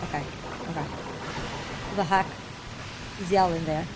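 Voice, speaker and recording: A woman playing a video game, reacting excitably and cheering on the character. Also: medium pitch, a little slow, long pauses, very noisy. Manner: excitable, exclaiming, talks to the character. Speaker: gamer streamer. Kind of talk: live gameplay reactions. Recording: voice over loud game music.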